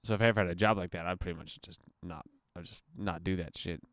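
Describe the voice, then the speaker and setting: A young man hosting a solo podcast from the floor at home, rambling crudely and profanely, self-mocking and laughing at his own jokes while high. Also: steady tone, fast talker, a bit bright, no room sound, studio quality. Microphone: computer mic.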